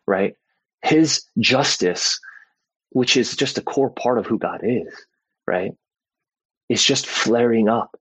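An adult man who is a father gives a casual Bible teaching, talking conversationally, tagging sentences with "right?" and often saying "like" and "you know." His voice is on the low side with a breathy edge, recorded in low quality with no room sound.

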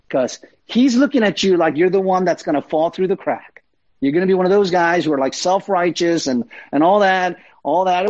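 A man preaches in a loose, conversational way, with fillers, asides and emphatic repeats. His voice sits a little high and sounds husky. The recording is dry and somewhat dull. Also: expressive, moderate pace, a little mellow, dry recording. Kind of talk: sermon.

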